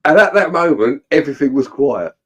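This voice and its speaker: A man's voice: fairly high pitch, lively intonation, brisk, a bit bright, husky. A man in casual chat, telling rowdy stories with plenty of swearing and laughter.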